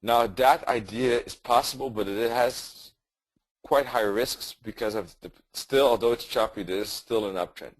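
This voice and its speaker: A man's voice: mid-range voice, normal speed, no room sound, poor audio. A man presenting a live trading webinar, explaining charts conversationally and correcting himself as he goes. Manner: conversational, thinking aloud with fillers and self-corrections.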